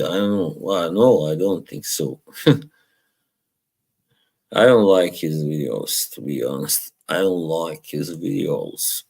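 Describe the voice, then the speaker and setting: A man's voice: deep voice, a little mellow. A man hosting a casual live stream, rambling, chuckling often and reading chat aloud from home.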